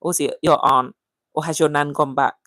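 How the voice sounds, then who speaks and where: A woman hosting a casual livestream, chatting and reading viewer comments aloud in a lively, animated way. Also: deep voice, fairly quick, no echo, rough recording. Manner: chatty and animated, often calling out viewers' names. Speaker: livestream host.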